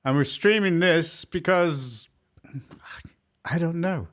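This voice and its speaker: A man's voice: fairly high pitch, slow. A man from England co-hosting a casual live-streamed chat, joking and laughing often. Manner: jokey, laughs often, lively delivery. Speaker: podcast co-host.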